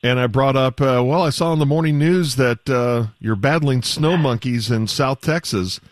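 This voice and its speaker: Relaxed male sports radio host. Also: mid-range voice, normal speed, no echo, studio quality.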